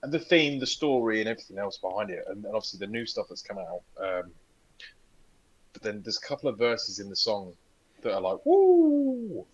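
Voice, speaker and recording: Speaking fairly quickly in a low, slightly rough voice, this young co-host tells lively, profanity-filled stories on a casual podcast. The audio sounds dull.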